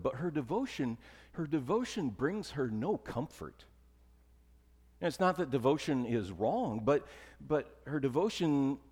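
Man preaching in a reverberant church. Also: slightly rough. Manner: conversational preaching, dropping to soft emphatic lows. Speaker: pastor. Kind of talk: sermon.

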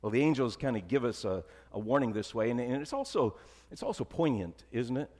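Very animated and a little fast, a male pastor preaches conversationally at a middle pitch, frequently easing down into soft, emphatic lows. His words ring out with a long reverb through the church.

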